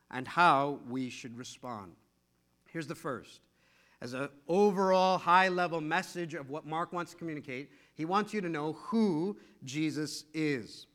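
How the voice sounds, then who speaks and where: A middle-aged male pastor preaching a sermon with animated, repetitive storytelling. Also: on the high side.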